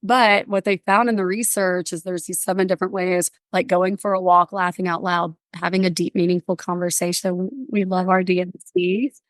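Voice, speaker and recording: A woman guest on a podcast, bubbly and animated, telling stories and acting out little voices in casual interview chat. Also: on the low side, moderate pace, hardly any pauses, no echo, clean studio sound. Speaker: podcast guest, workplace wellbeing speaker.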